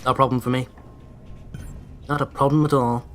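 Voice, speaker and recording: Male let's-play host, mid-pitched, sarcastic and crisply over-enunciated. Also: flat delivery, brisk, a bit bright, faint music behind. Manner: sardonic, sweary, over-pronounces words. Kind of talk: casual gameplay commentary.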